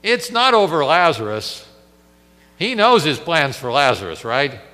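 A man preaching a sermon, emphatic, with dramatic pauses and rhetorical questions. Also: fairly high pitch, very animated, pushed and bright, big-room sound.

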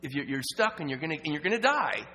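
A man giving a storytelling sermon at a church evening program, earnest and halting, with restarts, dropping to a hush at the sad parts. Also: fairly high pitch, big pitch swings. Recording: roomy reverb with faint hum.

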